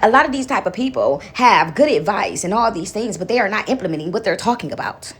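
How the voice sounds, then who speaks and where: A woman's voice: mid-range voice, expressive, quick pace, slightly rough. A woman giving an informal spiritual monologue, rambling and often asking "you understand me?". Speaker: spiritual speaker.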